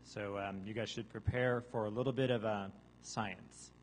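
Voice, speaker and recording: A man giving a deadpan mock science lecture to a live audience, now and then breaking into loud seagull caws and zombie groans. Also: fairly low pitch, moderate pace, a little hiss or hum, low-quality recording. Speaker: guest artist presenting research. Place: large hall with a live audience.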